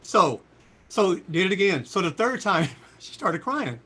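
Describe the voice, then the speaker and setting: In an animated storytelling interview, a singer in his sixties speaks as a guest in an unhurried, husky voice. He's a lively storyteller who voices quotes with big leaps in pitch.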